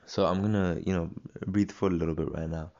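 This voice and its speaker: A man's voice: low-pitched, fairly even intonation, brisk, darkish tone, dull audio. A young man hosting a solo podcast, rambling casually with many fillers and restarts. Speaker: podcast host.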